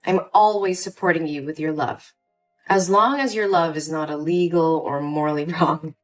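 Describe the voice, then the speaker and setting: A woman's voice: low voice, moderate pace, faint music behind, voice pushed down, natural voice. A woman voicing a scheming, manipulative older mother in a dramatized story, sweet on the surface and cold underneath. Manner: sweet at first, then cold and dismissive. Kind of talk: scripted story voice acting.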